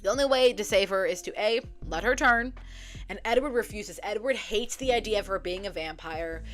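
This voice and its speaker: A woman's voice: mid-range voice, moderate pace. A young woman casually retelling a book story from memory, swearing freely and acting out the characters' lines. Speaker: book vlogger. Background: soft background music.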